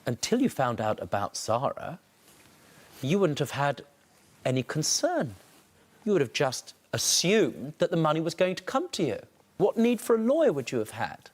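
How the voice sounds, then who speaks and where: Stern, theatrical TV judge. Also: male voice, a little high, huge pitch swings, moderate pace. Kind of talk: TV courtroom questioning.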